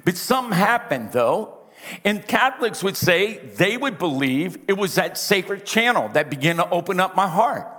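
A man preaching from the pulpit in a big, carrying voice that comes a little from the side of his mouth. His pitch sits fairly high for a man. His storytelling is folksy and self-deprecating, and long reverb trails each phrase in the church. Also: big pitch swings, moderate pace, sharp tone. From Louisiana. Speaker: pastor. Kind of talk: storytelling sermon. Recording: reverberant hall.

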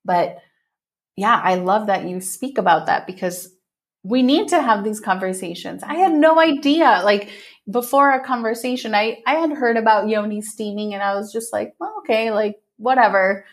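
Animated, laughing woman podcast host. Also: mid-range voice, normal speed. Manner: animated and effusive, laughs often, swears casually. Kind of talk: casual conversational interview.

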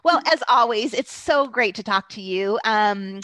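A woman's voice: a little high, animated, takes it slowly, fairly bright tone, no room sound. A woman hosting a podcast, chatting casually with a guest in an affirming way. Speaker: podcast host.

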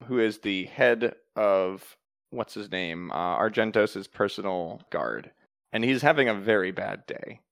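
A man running a tabletop game as game master, explaining rules and narrating in a calm, matter-of-fact way. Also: fairly low pitch, unhurried, creaky, dry recording.

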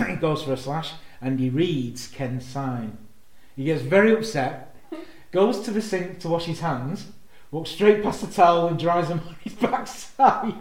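Male podcast co-host, raised pitch, giggly storyteller, echoey recording. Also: animated, a little slow. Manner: chuckling storyteller, laughs through his own retellings. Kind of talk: casual chat recapping a sitcom episode.

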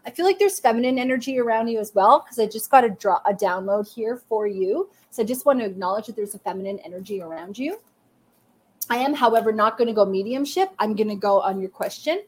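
A woman's voice: mid-range voice, expressive, fast, slightly rough. A woman hosting a live psychic reading stream, speaking encouragingly and directly to her viewers. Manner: warm encouraging talk, addresses viewers directly. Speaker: psychic reader and livestream host.

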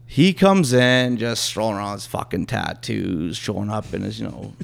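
A man's voice: fairly low pitch, animated, normal speed, vocal fry. A Canadian man, a podcast guest, telling rambling, profane anecdotes in casual chat. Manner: rambling, swearing anecdotes with quoted impressions.

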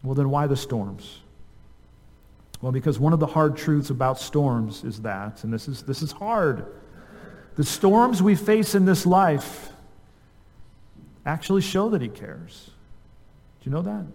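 A man preaching from the pulpit, his voice pitched a little high for a man and carried by the long reverb of a church sanctuary. He asks the congregation question after question and lets key phrases fall quiet and slow. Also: very animated. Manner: earnest preaching, rhetorical questions, drops soft on key words. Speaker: pastor. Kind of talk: sermon.

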